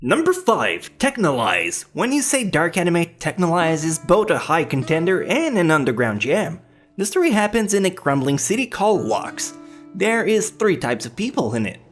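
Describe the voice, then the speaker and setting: A man's voice: fairly high pitch, huge pitch swings, moderate pace, soft background music. A man hosting an anime countdown video, reading scripted commentary with joking asides and self-deprecating stumbles.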